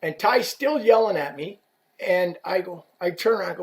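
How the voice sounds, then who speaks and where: A man's voice: high voice, moderate pace. A man telling a story as a podcast guest, acting out dialogue and swearing freely. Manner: animated, profane, acts out dialogue. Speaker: podcast guest, former equipment rep. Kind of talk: casual anecdotal storytelling.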